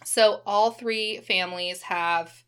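Casual woman, 30s, bright edge, swears freely. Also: medium pitch, takes it slowly, smooth. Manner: relaxed, swears casually, enthusiastic. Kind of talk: casual chat.

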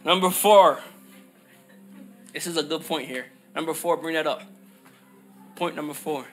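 Male pastor with a high, bright voice. Delivers the sermon in a repetitive cadence and builds to shouts on scripture. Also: a little slow, soft background music. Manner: emphatic, repetitive preaching cadence; rises to shouted peaks on scripture.

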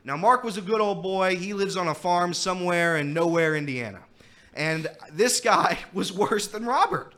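A man's voice: sits high, moderate pace. A man guest-hosting a casual sports talk show, telling stories with lots of laughter and complaining of a throat thing. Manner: animated storyteller, laughing often. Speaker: guest host. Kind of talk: casual sports radio chat.

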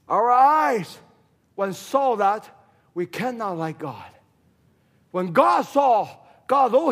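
A man preaching a sermon in a church, emphatic and repetitive in his delivery. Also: sits high. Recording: long hall reverb.

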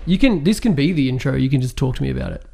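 Quick-talking male podcast host. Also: medium pitch, expressive, vocal fry, dark tone, a little hiss or hum. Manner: quick, prompting interviewer. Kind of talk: casual podcast chat.

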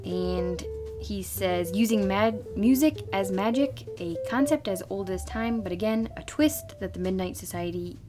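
A woman reads listener emails aloud on a podcast in a bright, amused way. Her voice sits in the middle of the usual range. Music plays clearly behind her. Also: medium pitch, a little slow.

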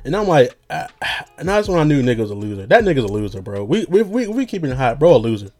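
A man's voice: medium pitch, big pitch swings, quick pace, darkish tone. A young man rambling casually as a podcast host, loose and slangy with lots of fillers and jokes.

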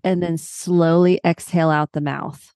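Animated psychotherapist woman, low voice. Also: moderate pace, no echo. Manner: animated, acts out clients' voices. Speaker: psychotherapist guest. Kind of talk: conversational podcast interview.

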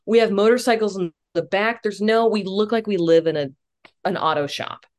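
A young woman spins a self-mocking story as a podcast guest, lively and quick to swear. Her pitch sits in a middle range for a woman, and her delivery is animated, with the timing of a comic actress. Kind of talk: casual interview storytelling.

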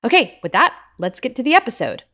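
A woman's voice: a little high, very animated, fast, fairly bright tone. A woman podcast host and writing coach giving casual, upbeat tips, often laughing at herself. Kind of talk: casual teaching talk.

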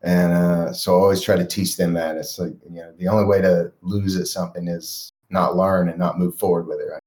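A man's voice: sits low, flat delivery, fairly quick. A man, a life coach guest on a podcast, talking earnestly about raising his kids. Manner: earnest, reflective, soft-spoken asides. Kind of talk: casual interview.

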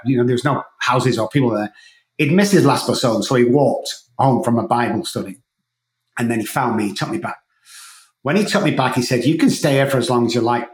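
A man being interviewed, telling his story in an emphatic, animated way. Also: medium pitch. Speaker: guest, addiction coach. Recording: echoey room.

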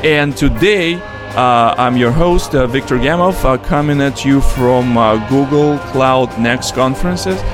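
A man with a Russian accent hosting a casual podcast from a conference, speaking haltingly with many fillers. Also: medium pitch, music in the background. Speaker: podcast host. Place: conference venue.

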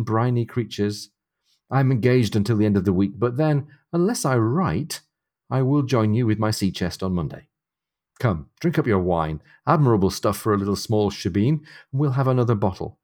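A man reading aloud as a reserved ship's doctor, in measured, formal period speech. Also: mid-range voice, dark tone, natural voice.

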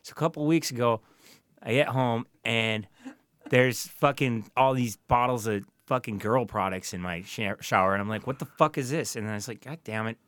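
In a dry, clear recording, a podcast co-host tells stories in a casual, profane, ranting chat. His medium-pitched voice is steady, resonant and fairly bright, at a normal pace.

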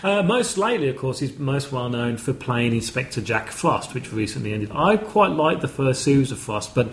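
A man hosting a podcast in a measured, agreeable way. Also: medium pitch, animated. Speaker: podcast host. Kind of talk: casual chat. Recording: echoey room with faint noise.

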